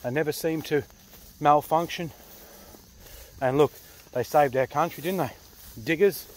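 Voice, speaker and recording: A man's voice: fairly high pitch, measured pace, a little mellow. A man with an Australian accent, a pig hunter and channel host talking casually to camera outdoors in the country, blunt and swearing freely. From Queensland, Australia. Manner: blunt, swearing, laid-back bush talk. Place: outdoors in rural cane country.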